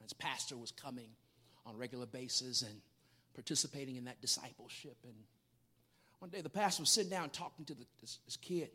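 A preacher in their forties giving a sermon, repeating words and building from quiet talk to shouting hoops. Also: medium pitch, fairly quick, husky. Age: 40s. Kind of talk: sermon with hooping.

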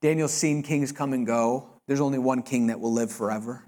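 Expressive male preacher reading scripture. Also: mid-range voice, a little fast. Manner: expressive, emphatic reading with asides. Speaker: pastor. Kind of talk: sermon, reading and retelling scripture.

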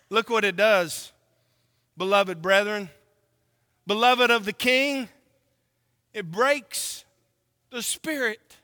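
Preacher, male, from Oklahoma; very high, bright delivery in a reverberant hall. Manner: emphatic, drawn-out preaching with rhetorical questions. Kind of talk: sermon.

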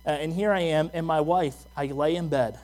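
Conversational male pastor, slightly high voice. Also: moderate pace, a little mellow. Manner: conversational preaching with personal stories and rhetorical questions. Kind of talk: sermon.

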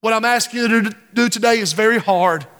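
A middle-aged man preaching a sermon in a large church, swinging from low, intense passages to loud, impassioned cries. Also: brisk. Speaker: pastor. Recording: church hall with long reverb.

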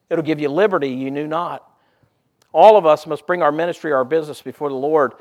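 A man preaching a sermon, asking his congregation repeated questions and reading scripture aloud with rising intensity, going from hushed to loud. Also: fairly high pitch.

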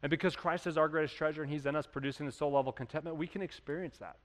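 A man in his thirties preaches a sermon in a high, light voice. He talks to the room conversationally and then builds to emphatic peaks. His voice rings out in a church hall with a long reverb. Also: steady tone, rapid-fire. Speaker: pastor.

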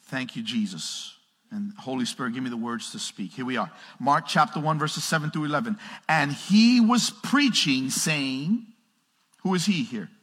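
A man preaching a sermon to a congregation, calling out to the crowd and swinging from loud, fervent reading to hushed asides. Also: mid-range voice, normal speed, husky. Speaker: pastor. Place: church sanctuary. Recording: long reverb of a large hall.

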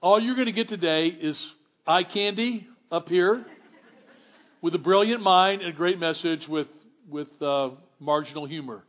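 A man preaching a sermon to a congregation in a church, conversational and wry, swinging from hushed to exclamatory. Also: fairly high pitch, unhurried, highs cut off. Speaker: pastor.

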